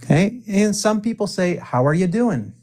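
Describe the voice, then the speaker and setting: A man teaching spoken English, drilling phrases for the viewer to repeat, with deliberate pauses and playful asides. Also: sits high, animated, dark tone.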